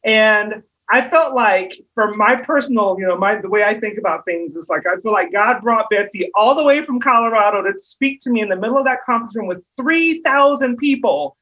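A woman's voice: mid-range voice, animated, fairly quick, hardly any pauses, a bit bright, low-quality recording. A woman hosting a casual interview, enthusiastic and affirming her guest often. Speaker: host.

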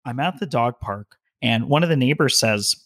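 Speaking from his home office, a man with a mid-range voice tells a long personal story conversationally. He's animated and heated, delivering his words in quick bursts.

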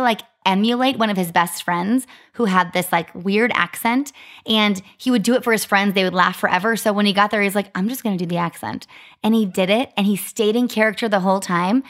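A woman's voice: medium pitch, a bit bright. Woman, thirties, podcast co-host, casual storytelling, lots of filler words. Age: 30s.

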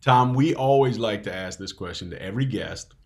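Low-voiced earnest male podcast host. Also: brisk, darkish tone. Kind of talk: casual faith conversation.

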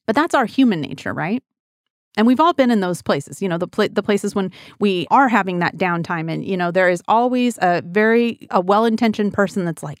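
A woman's voice: medium pitch, expressive, fairly quick, no room sound, clean studio sound. A middle-aged woman giving a devotional Bible teaching in an earnest, conversational way, talking straight to her listeners.

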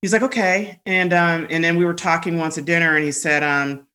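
A woman guest telling personal stories in candid conversation, animated, laughing often, with many fillers and restarts. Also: on the low side, fairly quick.

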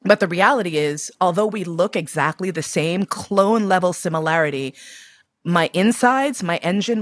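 A woman's voice: on the low side, moderate pace, dry recording, studio quality. A woman in her fifties from New York City, telling personal stories candidly and expressively, swearing casually. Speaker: guest.

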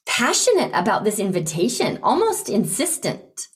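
A woman coaching a client in conversation, encouraging and animated, acting out eager invitations to make her point. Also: medium pitch, a little slow. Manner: encouraging, animated, role-plays enthusiastic invitations. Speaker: business coach hosting a coaching session.

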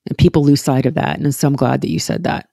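A woman's voice: a bass voice, steady tone, fast, creaky, mellow, no echo, studio quality. A woman hosting an interview, affirming her guest and repeating her questions. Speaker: interviewer host.

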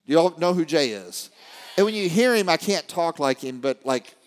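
A male motivational speaker giving a live keynote, rallying the audience with questions and swinging from hushed asides to shouted peaks. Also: fairly high pitch, lively intonation, moderate pace. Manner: rallies the crowd with call-and-response questions. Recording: long hall reverb.

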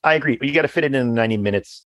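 A man's voice: medium pitch, rapid-fire, a bit bright, no echo, studio quality. A man co-hosting a podcast, chatting casually in an easygoing, agreeable way. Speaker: podcast co-host.

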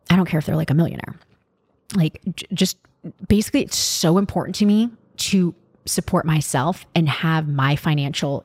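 A woman's voice: low voice, vocal fry, no echo, studio quality. A young adult woman hosting a podcast, talking candidly and casually with lots of fillers and swearing. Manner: candid, profane, chatty with many fillers. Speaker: podcast host.

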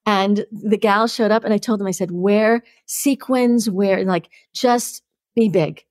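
A middle-aged woman, a podcast guest telling stories with lively energy and acting out the voices in them. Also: medium pitch, unhurried, no echo, studio quality. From New York. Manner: lively, acts out the voices in her stories, laughs often. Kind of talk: animated storytelling.

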